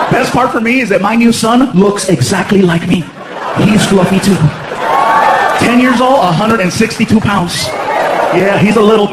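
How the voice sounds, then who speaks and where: Animated man doing stand-up in a theater. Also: sits high, very noisy. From United States. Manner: animated, laughing, playful. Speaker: stand-up comedian. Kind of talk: stand-up comedy. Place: large theater. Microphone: handheld stage mic. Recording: roomy theater with loud crowd. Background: loud laughing audience.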